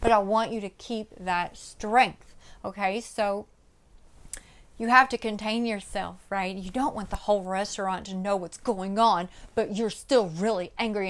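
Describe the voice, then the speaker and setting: A woman voice coach giving a casual, animated lesson to camera, often checking in with "right?". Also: mid-range voice, moderate pace. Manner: breaks into loud demonstrations of vocal technique. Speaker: voice and music coach.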